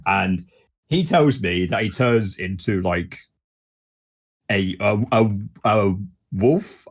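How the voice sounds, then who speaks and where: A man playing a tabletop game, chatting in character in an animated, playful way. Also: deep voice, slow. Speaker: player. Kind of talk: in-character tabletop role-play.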